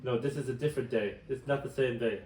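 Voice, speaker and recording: A man's voice: medium pitch, steady tone, quick pace, over loud music. A middle-aged Irish man co-hosting a podcast, teasing his friend with dry interjections. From Ireland. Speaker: podcast co-host. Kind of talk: casual chat. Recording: roomy, distant from the mic.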